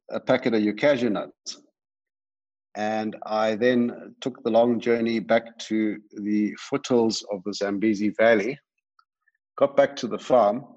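Man telling a story, dull audio. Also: lowish voice. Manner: amused, unhurried storyteller. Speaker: guest, sauce maker. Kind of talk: storytelling anecdote.

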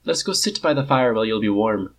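A man voicing a shy, frail young king who speaks politely in a clear, warm voice. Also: fairly low pitch, expressive, fairly quick. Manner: polite, apologetic, embarrassed.

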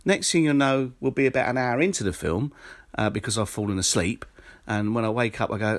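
A man's voice: medium pitch, a little fast. A man hosting a solo podcast, reading out listener answers with sarcastic, exasperated asides. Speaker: podcast host.

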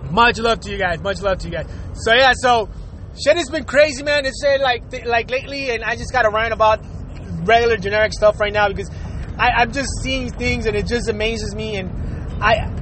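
A man hosts his podcast with a sharp tone in a voice that sits high, a little hiss or hum in the background. His delivery is a casual rant, heavy on swearing and fillers, broken up by frequent laughs.

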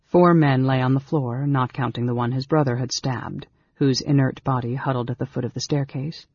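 A man reading a fantasy novel aloud as an audiobook narrator, in a measured, dramatic way. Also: mid-range voice, steady tone, breathy edge, dry recording. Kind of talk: scripted narration. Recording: dull lo-fi recording.

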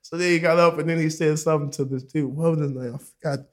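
A man's voice: on the high side, steady tone, fast. Rambling, slangy young man telling a story. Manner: gets loud and laughing at the funny parts. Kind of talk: casual chat.

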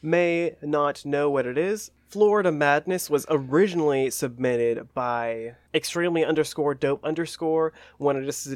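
A mid-pitched man on a comedy podcast, calmly introducing a segment and reading entries with a deadpan edge. His voice is close and dry, with no room sound. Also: dry recording. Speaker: podcast co-host. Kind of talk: casual comedic chat.

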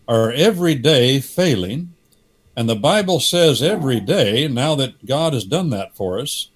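A man preaching as a guest on a radio program, unhurried and deliberate. He explains scripture through parables and takes on the voices of each character as he goes. His speaking pitch sits in the middle range. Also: husky. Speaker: guest Bible teacher on a radio show. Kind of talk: preaching-style radio talk.

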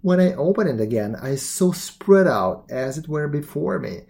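A man narrating a classic tale aloud in a steady, even reading voice. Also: on the high side, moderate pace, creaky. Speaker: storyteller. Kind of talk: storybook read-aloud narration.

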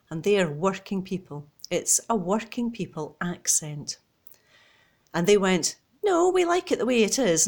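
A woman volunteer reading newspaper articles aloud in a steady, measured way, recorded at home. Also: fairly low pitch.

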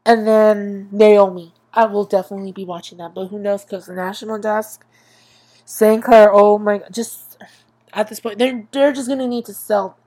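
A woman's voice: mid-range voice, warm tone. A young woman hosting a podcast, talking in a rambling, self-interrupting way that often stops and restarts, swearing freely, her voice tired and strained. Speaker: podcast host. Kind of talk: casual monologue about TV.

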